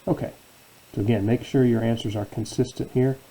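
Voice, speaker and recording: A man's voice: mid-range voice, fairly even intonation, fairly quick, dark tone, slightly rough, rough recording. A man teaching a calculus lesson as a professor, asking questions and answering them himself. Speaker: math professor. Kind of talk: calculus lecture.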